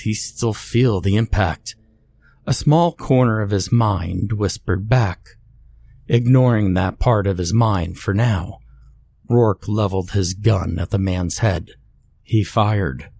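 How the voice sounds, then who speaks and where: A man narrating a scary story in a measured, scripted way. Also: fairly low pitch, gravelly, darkish tone, husky.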